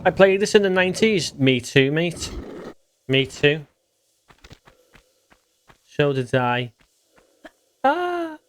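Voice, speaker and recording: A man's voice: on the high side, animated, takes it slowly, long pauses, a little hiss or hum. Chatty English man streaming a game. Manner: chatty, reads out and answers viewer chat while playing. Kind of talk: casual live-stream chat.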